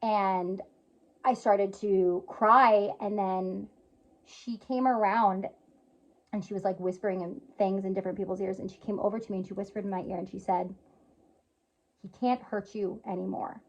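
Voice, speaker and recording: A woman's voice: medium pitch, fairly even intonation, moderate pace. A young woman earnestly telling a personal story in casual vlog style, emotional and full of fillers. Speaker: yoga teacher and spiritual healer sharing a personal story. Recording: slightly dull lo-fi sound.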